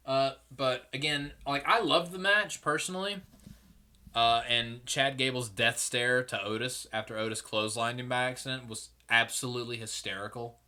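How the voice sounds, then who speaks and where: A man's voice: medium pitch, fairly even intonation, normal speed, sharp tone. A young man hosting a solo podcast, giving rambling, opinionated commentary and swearing freely. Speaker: podcast host.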